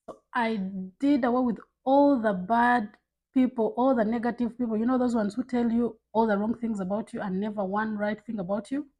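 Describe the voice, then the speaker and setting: A woman's voice: a little high, fairly even intonation, normal speed, mellow, poor audio. A woman talking candidly to camera, giving blunt life advice in a casual, filler-filled way. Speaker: vlogger.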